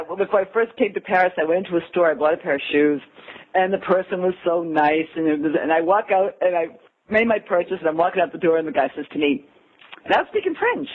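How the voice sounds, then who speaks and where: An American woman with a fairly low, slightly rough voice talks as an interview guest in casual conversation, recorded on a tinny phone line. She tells lively stories, acting out quotes with a laugh.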